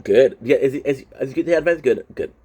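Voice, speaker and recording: This young vlogger, whose first language is French, talks fast in a warm, slightly rough voice of medium pitch. He's venting about personal matters to his viewers in a casual, frank way, cursing often and rambling as he keeps restarting his sentences.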